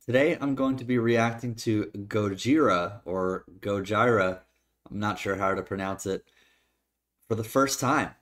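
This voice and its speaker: A man who composes, talking casually as he reacts to a song for his channel, relaxed and plain-spoken with some hesitations. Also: mid-range voice, normal speed. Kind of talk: casual reaction video talk. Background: faint music.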